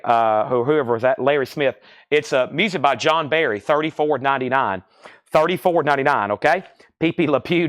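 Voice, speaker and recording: A man's voice: a little high, a bit bright, no room sound, studio quality. A man hosting a live record sale stream, calling out prices and bids in a chatty, rambling way. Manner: chatty, rambling, self-deprecating.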